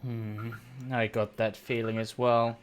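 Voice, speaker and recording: A man playing a tabletop game, speaking slowly and thoughtfully for his character. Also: lowish voice, level tone, smooth. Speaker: player. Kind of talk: casual tabletop play.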